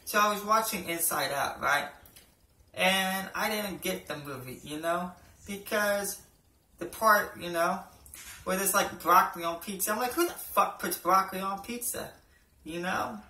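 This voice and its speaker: Young male amateur comic, sharp-toned, swearing, loose and rambling delivery, picked up from a distant camera mic. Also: high voice, unhurried. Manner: rambling, peppered with "you know" and "right", swears a lot. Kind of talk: casual stand-up routine. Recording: echoey room, voice from off-mic.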